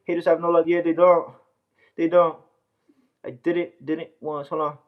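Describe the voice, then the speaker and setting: A man's voice: fairly high pitch, level tone, moderate pace, phone-quality sound. A man from the United States, livestreaming casually, reading comments with a boastful, brash, scattered way of talking. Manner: boastful, brash, scattered, often says "hold on" and "bro".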